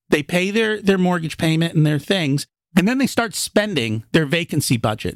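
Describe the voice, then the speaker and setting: A man's voice: a little high, dry recording, studio quality. A man, a podcast guest, explaining in practical, emphatic terms, acting out inner dialogue. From immigrated to the United States as a child. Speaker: podcast guest, real estate investor. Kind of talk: conversational interview explanation.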